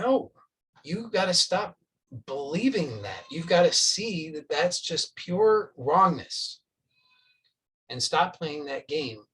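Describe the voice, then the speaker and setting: A man's voice: fairly high pitch, fairly bright tone, recorded from a distance, low-quality recording. A man giving a spoken spiritual teaching, earnest and insistent, repeating points for emphasis.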